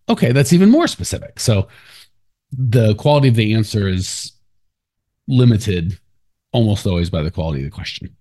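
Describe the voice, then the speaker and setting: Male podcast host, low register, casual advice-giving chat with fillers and laughs. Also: sing-song, brisk, mellow. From United States. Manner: loose, talky, laughs often, lots of fillers.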